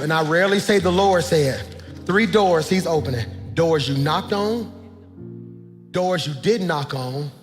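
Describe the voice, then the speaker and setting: A pastor, preaching a sermon that swings from soft talk to shouting. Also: male voice, a little high. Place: church sanctuary. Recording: long hall reverb, faint music.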